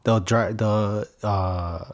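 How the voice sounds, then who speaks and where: A low-voiced man interviewing a guest, keeping to brief follow-up questions. His voice sits on the deep side, and he asks more than he talks. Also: steady tone, very slow.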